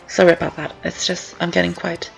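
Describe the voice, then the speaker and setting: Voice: mid-range voice, creaky, slight background noise, low-quality recording. A young student giving casual gameplay commentary, rambling and repeating with many ums, out of breath with a sore throat. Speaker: let's-play commentator. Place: indoors at home, rain on the windows. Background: game music.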